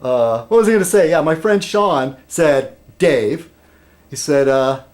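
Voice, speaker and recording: A man's voice: on the high side, lively intonation, measured pace, darkish tone. A man vlogging in a rambling casual monologue, meandering and interrupting himself, with dry humor.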